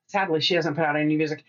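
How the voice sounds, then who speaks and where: A woman co-hosting a podcast in casual chat, rambling and swearing freely with quick asides. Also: low voice, dull audio. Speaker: podcast co-host.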